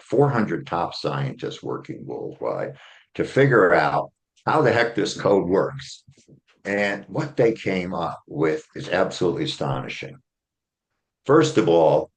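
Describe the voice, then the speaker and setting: A man, an author and attorney, being interviewed, explaining his argument step by step and checking in with "okay?". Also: sits low. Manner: earnest, builds a case step by step with "okay?" check-ins.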